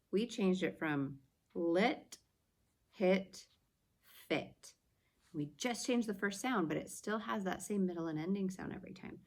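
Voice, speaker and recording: A woman teacher giving a video lesson to young children, sounding out words slowly and clearly. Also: on the low side, darkish tone. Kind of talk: early-grades classroom video lesson.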